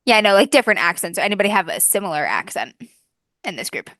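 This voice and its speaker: A woman playing in a tabletop game, chatting fast and saying like a lot. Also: mid-range voice, no room sound, clean studio sound. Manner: lively and quick, says like a lot. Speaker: player. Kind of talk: casual tabletop game chat.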